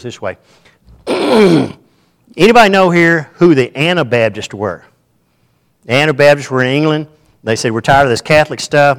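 An older man with a drawl preaching to his church congregation. His talk is folksy and chatty, full of jokes and checks on whether the room is following. His pitch sits in an ordinary middle range. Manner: folksy, joking asides and quick asides to the congregation. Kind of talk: sermon.

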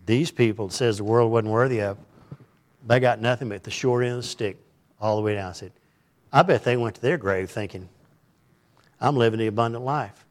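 A man's voice: mid-range voice, fairly quick, pauses often. A middle-aged man preaching a conversational sermon in a folksy, rambling way, often putting questions to his listeners.

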